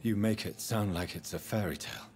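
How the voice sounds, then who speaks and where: A man voices a grave gentleman in a game, talking in a formal, measured way. His voice is on the low side and steady. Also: a little hiss or hum, lightly acted. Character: male stranger, grave and polite.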